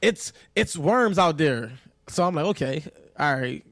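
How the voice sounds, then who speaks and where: A man co-hosting a casual podcast, speaking candidly and profanely as he gives blunt relationship advice and tells lively stories. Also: on the high side, a little slow, no echo, studio quality. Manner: lively storyteller. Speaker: podcast co-host.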